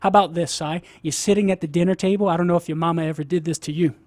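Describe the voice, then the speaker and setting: A man's voice: a little high, fairly even intonation, racing, a little mellow, no echo, clean studio sound. A man with a Cajun accent, a radio guest explaining ideas step by step, often checking in with "right?". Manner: teaching, sprinkles "right?" to check in. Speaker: guest apologist.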